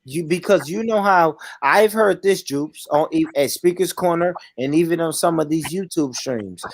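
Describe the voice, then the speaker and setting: A man hosting a heated online debate stream, animated and profane, often talking over his guests on a call. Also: a little high, moderate pace. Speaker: stream host.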